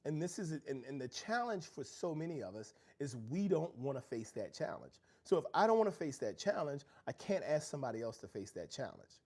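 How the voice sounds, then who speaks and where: A man's voice: fairly high pitch, sing-song, a little fast, few pauses, darkish tone. A middle-aged man hosting a motivational livestream from home, talking earnestly about growth and challenge. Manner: earnest, preachy, reads out viewer chat. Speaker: livestream host.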